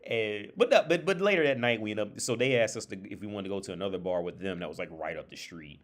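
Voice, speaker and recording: A man with a lowish voice tells a story on a casual livestream. He rambles, restarts his sentences and leans on filler words as he talks. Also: lively intonation, fast. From United States. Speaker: streamer and therapist.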